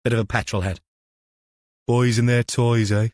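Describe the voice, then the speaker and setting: A man voicing a gruff, blunt male detective inspector with a crude, sardonic manner in an audiobook. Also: mid-range voice, flat delivery, normal speed, darkish tone, no room sound, studio quality, lightly acted.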